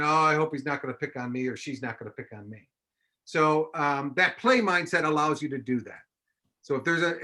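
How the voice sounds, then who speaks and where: A man moderating a panel over a video call, with a bright, fairly high voice. He sums up points and passes the floor along in an easy, conversational way. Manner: summarizing and handing off to other panelists. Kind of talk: conference panel talk.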